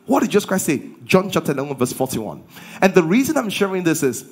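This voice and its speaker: A man's voice: sits high, very animated, fast talker, slightly rough. A man preaching a sermon as pastor. He drives his points home with rhetorical questions and call-and-response.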